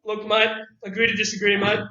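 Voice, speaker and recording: A man's voice: high voice, completely flat delivery, a little fast, sharp tone, highs cut off. An Australian man hosting a comedic podcast, blustery and saying "mate" constantly. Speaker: podcast host.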